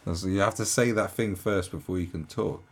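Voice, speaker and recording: A man's voice: low-pitched, moderate pace. A man giving casual reaction commentary in an incredulous, mocking way, laughing often.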